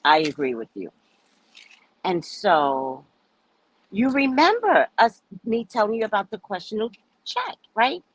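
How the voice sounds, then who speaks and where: Animated, profane woman telling a story. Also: mid-range voice, unhurried, long pauses, breathy edge, dry recording, rough recording. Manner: animated, profane, acts out quoted people. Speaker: psychic reader and host. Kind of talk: casual storytelling to viewers.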